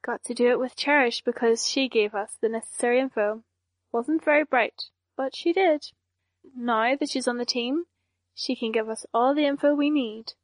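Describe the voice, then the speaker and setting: A young villainess with no emotion in her voice, every threat delivered in a flat deadpan, as a woman reads her in an audiobook. The voice sits fairly high, recorded close and dry. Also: moderate pace, no echo, close to an everyday voice. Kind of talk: audiobook character voice.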